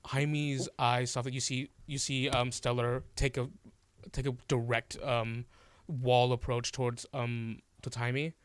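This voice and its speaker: A man narrating a tabletop game as game master, halting and full of fillers and restarts. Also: mid-range voice, level tone, smooth, no room sound.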